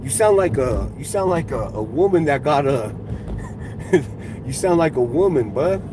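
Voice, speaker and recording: A man's voice: fairly high pitch, lively intonation, measured pace. A man hosting a casual livestream, ranting with profane, mocking trash talk while driving. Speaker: livestream host. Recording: street and car noise behind.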